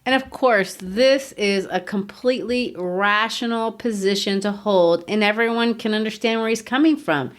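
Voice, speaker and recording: A woman's voice: medium pitch, normal speed, few pauses. A woman co-hosting a literature podcast, explaining ideas earnestly with rhetorical questions and easy laughs. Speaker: podcast co-host. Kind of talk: conversational literature discussion.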